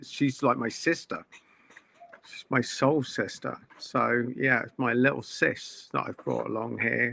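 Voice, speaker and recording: A male host in casual chat, relaxed and rambling, chatting with his guest. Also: medium pitch, creaky, no room sound.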